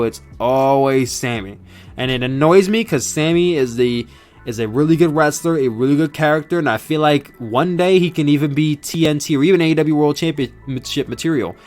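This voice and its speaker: A young man in casual chat, recapping wrestling, excitable and rambling with frequent restarts. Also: fairly high pitch, normal speed, faint music behind. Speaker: podcast host reviewing wrestling.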